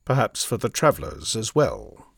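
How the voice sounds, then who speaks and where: A man voicing a calm, exact English gentleman in a storybook reading, clipped and measured. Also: on the low side, creaky, no room sound, clean studio sound, heavily acted. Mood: cool.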